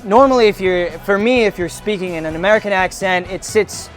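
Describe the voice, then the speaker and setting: Thoughtful British actor, fairly high voice. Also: male voice, brisk, soft background music. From Britain. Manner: thoughtful and explanatory. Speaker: stage actor. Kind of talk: casual interview.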